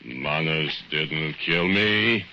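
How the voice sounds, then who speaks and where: A brooding drunken foundry laborer. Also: male voice, noisy background, full character voice. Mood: drunk, defiant. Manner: broken English, slow, gloating with low chuckles. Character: brooding drunken immigrant foundry laborer, male, middle-aged. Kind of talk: 1940s radio acting. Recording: muffled old radio broadcast with music.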